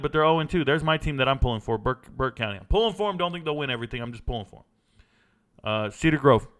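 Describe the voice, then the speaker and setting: A man with a smooth, resonant voice hosts a casual sports livestream. He talks straight to his viewers, blunt and slangy, and tosses out quick takes as he reads their questions. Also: medium pitch, sharp tone. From United States. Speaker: sports show host.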